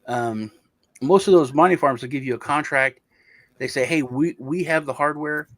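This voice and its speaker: A man's voice: fairly high pitch, normal speed, a bit bright, no echo. A man hosting a casual crypto chat show, rambling through stories with lots of fillers and restarts.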